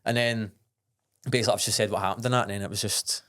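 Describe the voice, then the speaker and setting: A man's voice: fairly low pitch, fairly even intonation, fast, a bit bright. A young adult man with a Glaswegian accent, a podcast guest telling a story bluntly and earnestly, swearing freely and restarting his sentences. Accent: Scottish, Glaswegian. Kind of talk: casual storytelling.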